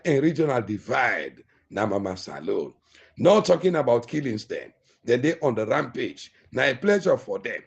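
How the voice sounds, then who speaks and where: A man's voice: fairly high pitch, vocal fry, darkish tone, slightly rough. A man with a Sierra Leonean accent giving a political speech to his fellow citizens, full of long rhetorical lists. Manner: oratorical, repetitive lists. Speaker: political speaker.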